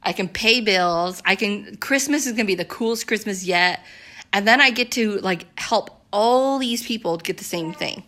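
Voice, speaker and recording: A young woman talking casually to her viewers in an excitable, chatty way, full of "like" and "you guys". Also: mid-range voice, normal speed. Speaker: network marketing vlogger. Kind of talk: casual direct-to-camera pitch.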